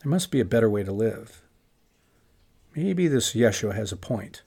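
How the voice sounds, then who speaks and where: A man acting out the quiet inner monologue of a remorseful Pharisee who reproaches himself. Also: fairly low pitch, expressive, moderate pace, vocal fry, breathy edge, pitched below the performer's own voice, heavily acted. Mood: bitter. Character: remorseful middle-aged male Pharisee, brooding and self-accusing. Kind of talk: dramatized inner monologue in a lecture.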